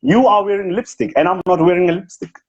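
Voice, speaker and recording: Speaking high and quick with a light touch of acting, a man impersonates a boastful, self-important South African business speaker for comic effect. He scolds and brags over a phone on a live video call, and the livestream audio is lo-fi.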